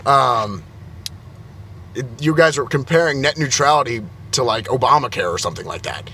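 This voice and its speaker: A man's voice: medium pitch, lively intonation, moderate pace, bright, forceful tone, a little hiss or hum. A young man, an IT technician, ranting in a flustered, exasperated way and stumbling over his words. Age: young adult. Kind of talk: heated vlog rant.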